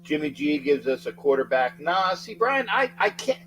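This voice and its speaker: Excitable man hosting a sports livestream. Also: a little high, normal speed, vocal fry, slight background noise, rough recording. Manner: excitable, shouts out viewer names, rambling. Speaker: livestream sports talk host. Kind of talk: casual livestream chat greeting viewers.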